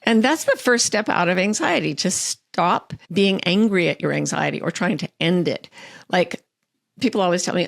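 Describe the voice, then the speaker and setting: A middle-aged woman author speaking as an interview guest, earnest and animated as she tells stories and quotes her own self-talk. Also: medium pitch, a little fast, creaky, no echo, clean studio sound. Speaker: author and life coach, guest. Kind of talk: interview conversation.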